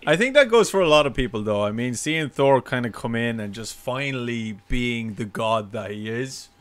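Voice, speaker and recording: A man's voice: mid-range voice, lively intonation, moderate pace, clear, resonant tone. A man hosting a casual podcast chat, easygoing, laughing often and reading out donations. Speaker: podcast host.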